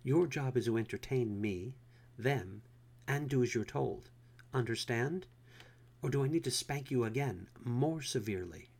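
A man's voice: medium pitch, lively intonation, unhurried, creaky, a little mellow. A man voicing a commanding female police officer who taunts and gives orders. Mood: stern. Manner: taunting, domineering.

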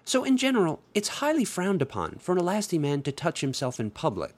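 A man's voice: high voice, wildly swooping pitch, a little fast, voice pushed up, full character voice. A man voicing a bashful, polite young man in an adult audiobook, speaking tactfully and a little sheepishly.

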